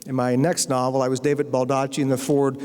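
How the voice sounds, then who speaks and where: Fast and flat in delivery, this medium-pitched male voice is dark, clear and resonant. He's an American guest lecturer and novelist recounting a comic story with anecdotal flair and timing, and the lecture hall adds a long reverb.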